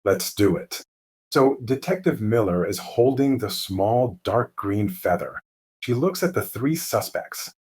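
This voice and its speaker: A man narrating a mystery story slowly and clearly as host of a lesson for English learners. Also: lowish voice. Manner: calm, clear, deliberate.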